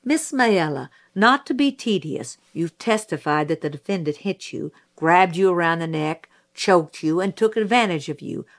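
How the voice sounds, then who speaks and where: A woman voicing a middle-aged male lawyer who questions a witness in a deliberate, dry, professional way. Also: fairly low pitch, animated. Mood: measured. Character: calm, measured middle-aged male lawyer cross-examining.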